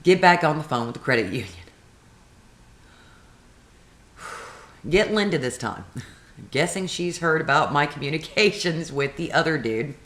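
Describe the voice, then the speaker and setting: A woman telling a long story about a maddening phone call, and her voice swings high and low as she acts out both sides. Her pitch sits low in between, and the sound rings in an echoey room. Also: moderate pace. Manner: animated retelling with quoted dialogue and rising frustration; laughs between phrases. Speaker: video blogger. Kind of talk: casual storytelling.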